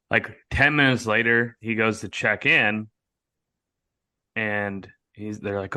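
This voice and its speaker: Man, young adult, podcast co-host, casual chat, profane, animated, bright, lowish. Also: moderate pace, no echo.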